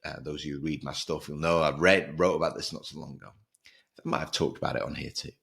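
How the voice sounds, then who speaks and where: A man hosting a solo podcast, talking in an energetic, emphatic way and repeating words for stress. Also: a bass voice, fast, creaky. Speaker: podcast host.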